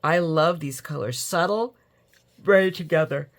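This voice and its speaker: Sleepy middle-aged american lady gushing over craft stuff, kinda low voice, chatty. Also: measured pace, a little hiss or hum. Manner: chatty, gushing, self-mocking, yawning. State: drowsy from allergy medicine. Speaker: crafting YouTuber. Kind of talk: casual unboxing chat.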